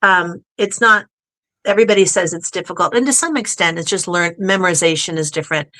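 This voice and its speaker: A woman's voice: fairly low pitch, brisk, a bit bright. A woman guest in casual conversation, chatty and acting out the people she quotes. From United States. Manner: chatty storyteller who acts out quoted people. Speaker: podcast guest.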